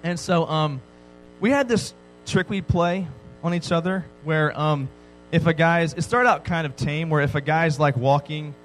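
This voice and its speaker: A man with a slightly higher voice preaching to a young crowd. He jokes, tells stories and keeps asking "right?" A faint music bed runs under him. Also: a little slow, rough recording. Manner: joking, animated storytelling with frequent "right?" asides. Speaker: pastor. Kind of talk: sermon to a youth audience.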